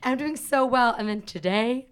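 A woman in her twenties, a comedy actor, telling stories casually on a podcast with quick giggles. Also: a little high, a little hiss or hum. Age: 20s.

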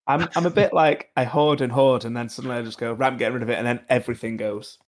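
A man's voice: medium pitch, fairly even intonation, fast. A man with a Birmingham accent co-hosting a casual gaming podcast, easygoing and teasing. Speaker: podcast co-host.

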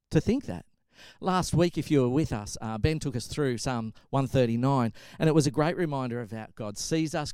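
A man's voice: a little high, a little mellow, no room sound. A man preaching a sermon, telling a story and pressing his point with emphatic repetition. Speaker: pastor.

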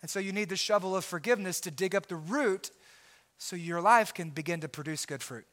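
The pastor preaches at a fairly quick pace, earnest in tone. He ranges from soft, low delivery up to shouted emphasis, frequently repeating words.

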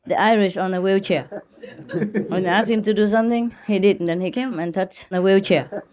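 A woman telling a joke in casual chat, chatty and quick to laugh along with others. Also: medium pitch, fairly even intonation, a little mellow.

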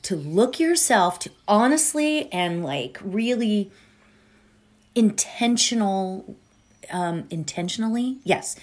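A middle-aged woman hosts a podcast in a medium-pitched, animated voice at a slow pace. She talks casually and warmly, full of fillers and asides, before leading a meditation.

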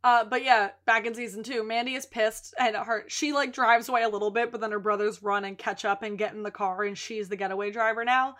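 A woman co-hosting a podcast, recapping episodes in casual chat and acting out the characters' lines with animated storytelling. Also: fairly high pitch, fairly quick, few pauses. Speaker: podcast co-host recapping a TV series.

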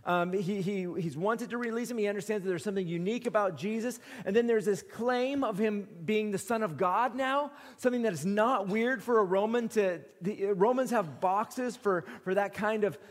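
A man's voice: sits high, big-room sound. A man preaching an expository sermon, emphatic and repeating phrases for stress.

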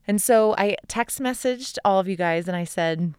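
Woman in her 30s doing a solo podcast, smooth clear voice, dry close sound, gushing and heartfelt. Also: mid-range voice, moderate pace, darkish tone, no room sound. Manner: enthusiastic, heartfelt, rambling. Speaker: podcast host. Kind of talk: casual solo podcast talk.

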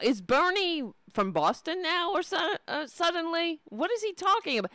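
A woman's voice: very high-pitched, very animated, normal speed, few pauses, sharp tone, no room sound. A woman ranting in angry, profane, sarcastic commentary as she reacts to political clips.

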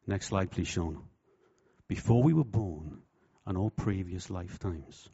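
Preacher, husky and lo-fi. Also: male voice, low voice, measured pace. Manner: lively, jokey, puts on voices for quotes. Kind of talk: sermon with humour. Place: church hall. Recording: dull, lo-fi sound.

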